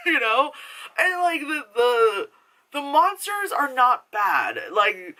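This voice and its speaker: Speaking slowly in a high-sitting voice, a young female movie reviewer chats loosely about a film. Her talk is full of swearing, filler, and rambling, and she laughs through lively retellings of scenes.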